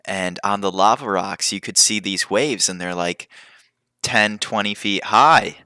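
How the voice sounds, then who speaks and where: A man's voice: fairly low pitch, unhurried, sharp tone, clear, resonant tone, dry recording, clean studio sound. A young man hosting a podcast, talking casually and drifting into tangents. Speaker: podcast host. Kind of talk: casual rambling monologue.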